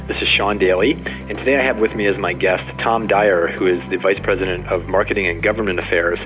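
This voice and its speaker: A man's voice: deep voice, steady tone, a little fast, fairly bright tone, muffled recording, soft background music. A man hosting a podcast interview, chatty and friendly, with many fillers and restarts. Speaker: podcast host. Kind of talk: casual interview.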